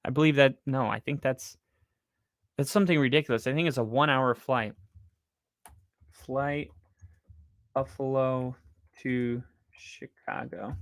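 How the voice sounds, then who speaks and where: A man co-hosting a casual football podcast, rambling and excitable, with lots of fillers. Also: mid-range voice, measured pace, pauses often, no echo, studio quality. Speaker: podcast co-host. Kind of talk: casual sports chat.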